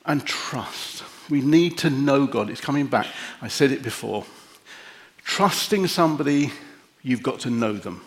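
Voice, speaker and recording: A middle-aged man preaching a sermon and leading a prayer, gentle and reflective with long pauses. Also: medium pitch, lively intonation. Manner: emotional, easily moved.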